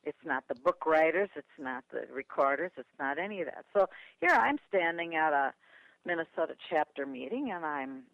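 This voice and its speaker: Older Midwestern woman guest, very lively pitch, heard over a muffled line. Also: moderate pace, no room sound. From Milwaukee, USA. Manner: lively, dramatic shifts of pitch and voice when retelling. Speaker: guest speaker and author. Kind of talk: animated storytelling interview.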